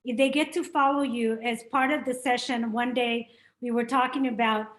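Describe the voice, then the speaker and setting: A woman with a high-pitched voice leads a small business workshop discussion. She talks in an encouraging, conversational way with her guest. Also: steady tone, moderate pace, low-quality recording. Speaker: workshop facilitator.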